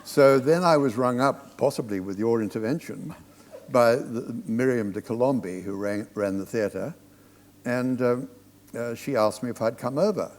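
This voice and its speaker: An older man recounts backstage stories in a reflective, storytelling way before a live audience. His voice sits at an ordinary middle pitch, and a long reverb from the theatre hall trails his words. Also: moderate pace, darkish tone. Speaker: stage director, guest. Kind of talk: live on-stage conversation.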